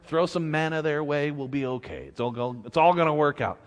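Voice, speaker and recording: A man voicing God as a patient, fatherly figure, speaking low and soft. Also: lively intonation, fairly quick, big-room sound, natural voice. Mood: soothing.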